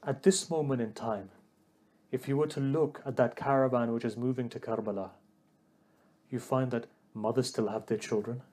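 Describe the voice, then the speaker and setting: A man's voice: medium pitch, steady tone, normal speed, warm tone. A man delivering an emotional religious sermon, addressing the congregation directly and building to a raised, pleading delivery. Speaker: preacher.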